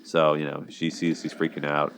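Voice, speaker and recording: A man's voice: rumbling low, monotone, normal speed, fairly bright tone, a little hiss or hum. A man hosting a casual commentary on a TV couple, talking loosely with lots of fillers. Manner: rambling, filler-heavy, conversational. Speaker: host analyzing TV relationships.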